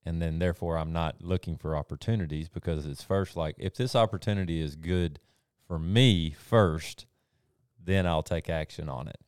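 A man's voice: deep voice, normal speed, a little mellow, clean tone, dry recording, studio quality. A man speaking earnestly and reflectively in a casual faith discussion. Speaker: group discussion member.

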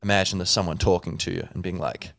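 A man's voice: low-pitched, fairly even intonation, fast talker, creaky, a bit bright, no room sound, clean studio sound. A man hosting a podcast, thinking aloud in a rambling, playful way with many fillers. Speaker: podcast host. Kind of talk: casual solo talk.

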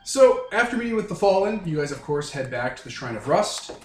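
A man narrating a tabletop game as game master, loose and profane, quick to laugh. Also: fairly high pitch, big pitch swings. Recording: roomy recording, faint music.

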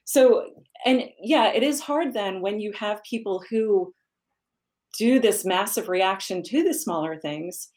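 A woman's voice: mid-range voice, lively intonation, measured pace, darkish tone. A woman speaks with candor and emphasis as she shares a personal story of loss in a casual talk. Her voice sits in a middle range. She stresses key points firmly. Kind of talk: casual conversation about grief.

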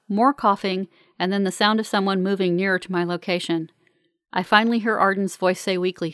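A woman reading a first-person story aloud in a calm, measured, earnest way. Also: fairly low pitch, no room sound, clean studio sound. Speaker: narrator. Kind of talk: first-person audiobook narration.

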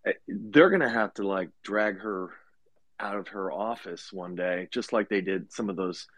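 A man speaking as a market commentator on a casual panel, animated, his voice leaping upward when he stresses a point, with many hesitations. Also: low-pitched, moderate pace, no room sound.

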